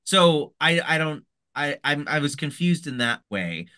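Animated, bright-voiced male podcast host. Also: on the high side, unhurried, smooth. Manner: excitable, rambling with restarts. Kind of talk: casual recap chat.

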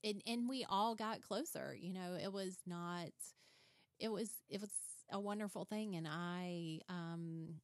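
A woman's voice: lowish voice, unhurried, no room sound, studio quality. A woman hosting a podcast, chatting casually and animatedly, acting out little quoted scenes as she tells stories. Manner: chatty, animated storyteller who acts out quotes. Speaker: podcast host. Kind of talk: casual interview chat.

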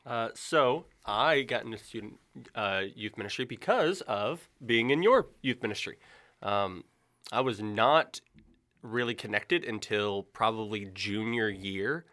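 A young man, a youth minister, chatting earnestly with many pauses and fillers. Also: lowish voice, fairly bright tone. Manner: earnest, rambling with many ums. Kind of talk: casual chat.

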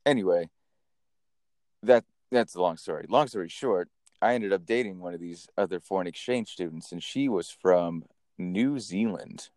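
Low-voiced man telling stories casually. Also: normal speed, dry recording, studio quality. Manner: animated, chatty storyteller who swears casually. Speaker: podcast host. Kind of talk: casual storytelling.

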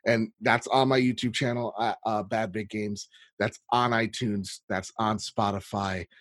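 A man talking casually as a guest on a gaming podcast, animated and swearing freely, laughing easily. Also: on the low side, a little slow, no echo.

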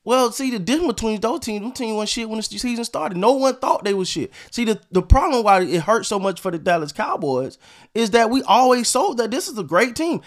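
A man's voice: high voice, lively intonation, fairly quick. A man hosting a sports podcast, ranting in a frustrated, profane, repetitive way. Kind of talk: casual sports rant.

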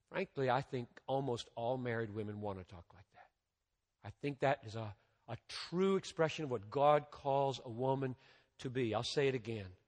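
A man preaching a sermon as a pastor, with emphatic rises and drops in loudness and a slow, deliberate delivery. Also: medium pitch. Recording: long reverb of a large hall.

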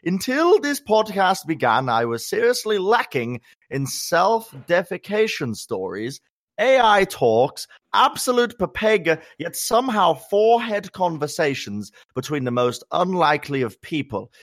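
A man putting on a pompous upper-class English accent, reading aloud slowly and loftily. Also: high voice, very animated, no room sound, pitched above the performer's own voice, heavily acted. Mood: lofty. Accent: upper-class English, put on. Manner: slow, lofty, sing-song reading.

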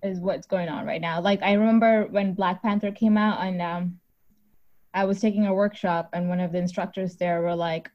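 A woman's voice: fairly low pitch, fairly even intonation, normal speed, lo-fi sound. A woman in casual conversation, rambling and cutting herself off mid-sentence. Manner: rambling, self-interrupting. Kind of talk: casual chat.

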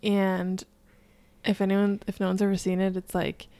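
A young American woman co-hosts a podcast in relaxed, easy conversation. Her voice is mid-pitched with a strong gravelly fry. She sounds dry and close to the mic. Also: moderate pace, dry recording. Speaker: podcast co-host. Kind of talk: casual chat.

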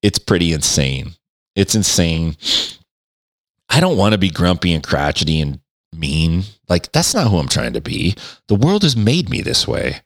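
A man hosting a podcast from his den into a microphone, ranting in a profane, sarcastic, animated way. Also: deep voice, normal speed, gravelly, no room sound, clean studio sound. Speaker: podcast host. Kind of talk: casual comedic rant. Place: home den. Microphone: studio microphone.

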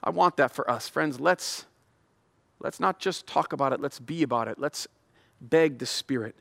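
A man's voice: mid-range voice, normal speed, vocal fry, a bit bright. A middle-aged male pastor giving a sermon, chatty and self-deprecating, building into fervent prayer. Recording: long hall reverb.

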